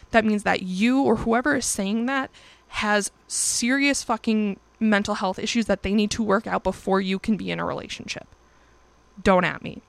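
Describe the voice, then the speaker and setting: A woman's voice: mid-range voice, vocal fry, a bit bright, no room sound. A woman telling a personal story in a casual vlog, blunt and emphatic, with frequent swearing.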